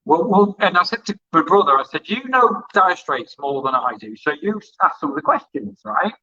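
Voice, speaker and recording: A man's voice: sits high, lively intonation, normal speed, bright, forceful tone, highs cut off. A man who interviews musicians and used to present hospital radio, telling rambling anecdotes in a casual interview and acting out the dialogue he quotes.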